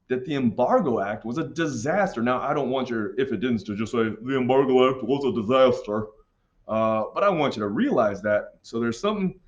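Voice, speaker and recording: A man's voice: medium pitch, muffled recording. Casual man teaching a history lesson. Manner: casual, joking, puts on silly accents for countries. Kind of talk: classroom lesson walkthrough.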